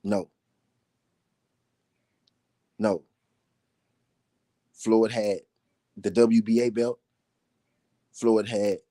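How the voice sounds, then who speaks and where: Man, deep voice, emphatic repetition, casual live talk, dry close sound. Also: dark tone, no echo. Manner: repetitive, emphatic, laughing between points. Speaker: boxing talk show host.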